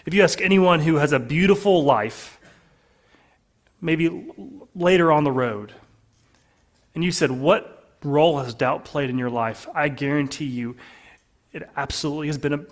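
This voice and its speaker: Preaching at a moderate pace, a slightly high-voiced pastor addresses his congregation earnestly. To press his points, he frequently lets his voice fall soft and low.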